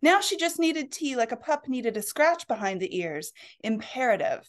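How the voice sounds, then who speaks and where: A woman author reading her own historical romance aloud in a lively, expressive storytelling voice. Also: high-pitched, moderate pace. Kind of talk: storybook narration.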